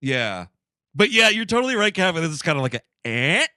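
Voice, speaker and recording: A man co-hosting a comedy movie-review podcast, riffing on scenes with animated, silly asides. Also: high voice, fast, no room sound, studio quality. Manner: animated, riffs with silly quoted lines. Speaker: podcast co-host.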